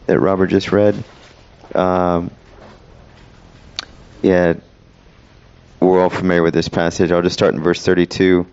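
A man leading a Bible study in a casual way, with many fillers, reading verses slowly and explaining them. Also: low voice, darkish tone, smooth, dull audio.

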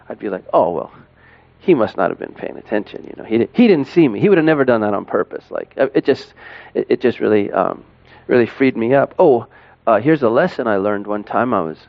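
A middle-aged man, a parent, talking casually and haltingly, with lots of fillers and restarts. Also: mid-range voice, gravelly, dry recording, muffled recording. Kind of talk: casual monologue to camera.

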